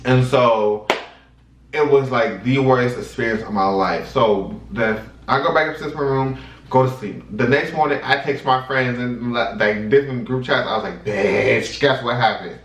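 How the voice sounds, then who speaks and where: A man in his twenties hosting a vlog, telling a story in a chatty, animated way and talking straight to his viewers. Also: mid-range voice, normal speed. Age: 20s. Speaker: vlog host. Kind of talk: casual storytime monologue. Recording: roomy sound from a distant mic.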